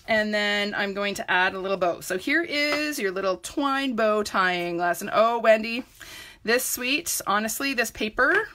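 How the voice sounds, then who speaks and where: Bright-voiced chatty woman demonstrating crafts. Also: mid-range voice. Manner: chatty, greets viewers by name mid-demo. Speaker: papercraft demonstrator. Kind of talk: live craft tutorial.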